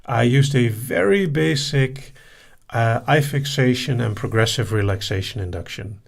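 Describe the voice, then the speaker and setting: A man hosting a live session, reading listener questions aloud and answering them in a relaxed, casual way. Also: medium pitch, unhurried, gravelly. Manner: relaxed, reads out questions then answers briefly.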